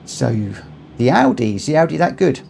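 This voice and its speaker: A man's voice: mid-range voice, very animated, moderate pace, creaky, darkish tone, slight background noise. A man hosting a live racing stream from his room at home, chatting casually and reading out race results. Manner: chatty, friendly, reads results aloud. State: out of breath. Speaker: streamer hosting online races.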